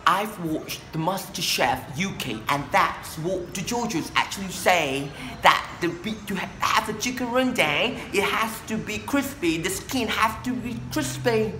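A woman voicing a prim, gushing Western neighbor who speaks slowly and over-politely, recorded in an echoey room. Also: mid-range voice, expressive, pushed and bright, soft background music. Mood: appalled.

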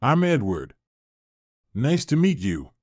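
A man's voice: mid-range voice, sing-song, slow pace, dry recording, clean studio sound. A man reading the lines of an awkward, nervous young man eager to please, in a hesitant, polite manner in a storybook narration.

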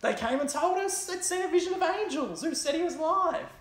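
A woman's voice: extremely high pitch, expressive, a little fast, roomy sound, pitched above the performer's own voice. A woman voicing a bewildered, grieving male disciple who pleads and asks urgent questions. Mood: urgent, dismayed.

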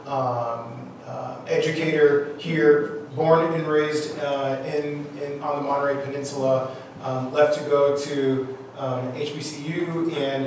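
A man giving an informal speech at an awards event, relaxed, with many ums and restarts. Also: a little high, a little hiss or hum. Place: large room at an event. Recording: echoey hall from far off.

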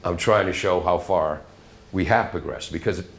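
A man's voice: low-pitched, moderate pace, slight background noise. Chatty middle-aged New radio man. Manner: chatty storyteller, slips into character voices. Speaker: radio host guest speaker. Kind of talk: guest lecture to a college class. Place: college classroom.

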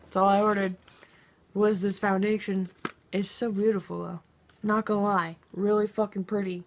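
A woman's voice: medium pitch, little pitch movement, moderate pace, slight background noise. A young woman telling a story in a casual vlog, sarcastic and exasperated, swearing freely. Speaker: vlogger.

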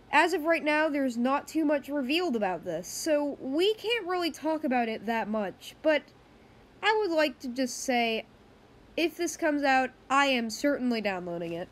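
A woman hosting a casual gaming news roundup, chatty and rambling, often correcting herself mid-sentence. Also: high-pitched.

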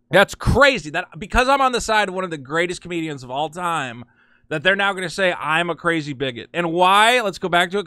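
Excitable bright-voiced man ranting. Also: high voice, smooth, dry recording, studio quality. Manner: excitable, rambling, exasperated. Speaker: channel host. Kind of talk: casual commentary vlog.

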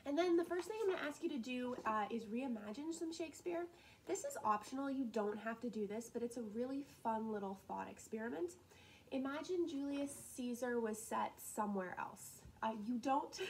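An upbeat woman teacher walks through class assignments, chatty and prone to little laughs and asides. Her voice sits a touch high. There is a faint hiss of noise under the recording. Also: darkish tone, low-quality recording. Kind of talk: casual recorded lesson walkthrough.

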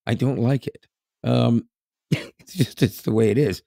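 A Canadian man in his fifties with a Canadian accent co-hosts a podcast, chatting casually and rambling with frequent laughs. His mid-range voice is warm and unhurried with vocal fry, recorded dry with clean studio sound.

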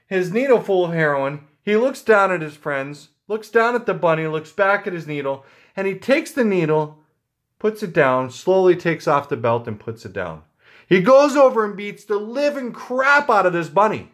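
Male channel host with a slightly high voice, loose and joking, full of fillers. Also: lively intonation, normal speed, a bit bright. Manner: rambling, joking, with frequent fillers. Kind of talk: casual chat to viewers.

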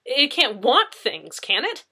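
A flustered woman science officer spills her worries in a breathless rush, her voice climbing high and loud, as a woman reading her own story puts her on. She sounds close to tears. The tone is bright and sharp. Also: big pitch swings, exaggerated voice. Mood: baffled. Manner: gushing, rushed and near tears.

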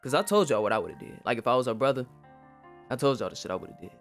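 A man's voice: mid-range voice, very animated, fast, soft background music. A young man in casual commentary, reacting to a game in an emotional, profane way. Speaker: gaming YouTuber.

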